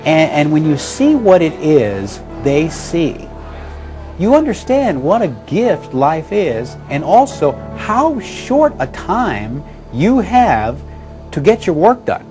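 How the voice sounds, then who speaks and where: A man who is a radio host and motivational speaker, telling an inspirational story with heartfelt, animated delivery and acting out the voices of people he met. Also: on the high side, slow pace, soft background music.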